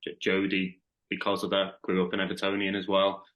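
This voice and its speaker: A man's voice: low voice, monotone, a little fast, a bit bright, lo-fi sound. A man with a Liverpool accent, a podcast guest chatting casually and thoughtfully, often restarting his sentences. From Liverpool, England. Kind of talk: casual chat.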